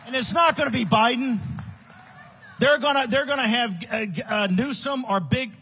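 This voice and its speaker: A man giving a fiery, combative political speech at a conference, often shouting and scornful. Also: very high-pitched, moderate pace, some chatter behind, a little hiss or hum. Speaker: conference speaker. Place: large conference hall.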